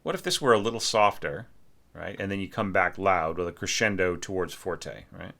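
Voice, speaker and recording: In a low, animated voice with some vocal fry, a male orchestration teacher critiques a score at a moderate pace. His tone is bright and forceful, and the casual talk is full of "like," "you know," and sung notes.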